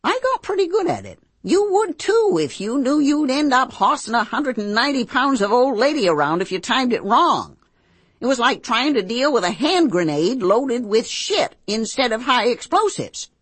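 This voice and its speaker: A woman's voice: fairly high pitch, big pitch swings, moderate pace, breathy edge, no echo. A woman narrating as a blunt, earthy 65-year-old housekeeper who talks in folksy, salty rural speech. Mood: wry. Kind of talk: first-person audiobook narration.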